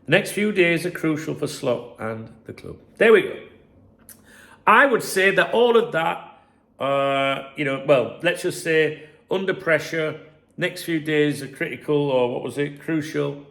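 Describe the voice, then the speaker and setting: Man, football vlog host, slightly raised pitch, rough fry, rambling mocking commentary. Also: unhurried, a bit bright. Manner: sarcastic, rambling, mocking reads of press claims. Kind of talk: casual commentary to camera.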